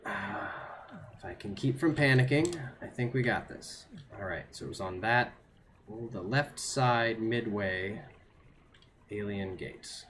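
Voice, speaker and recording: A man with a lowish, slightly bright voice streams a video game at a measured pace, with slight background noise. He addresses himself and his chat nervously, repeating phrases when under pressure.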